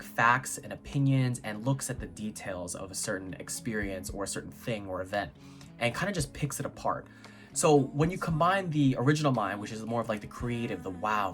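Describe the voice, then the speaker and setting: A young American man from New York giving a casual, chatty book review, full of filler words and quick laughs. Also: medium pitch, a bit bright.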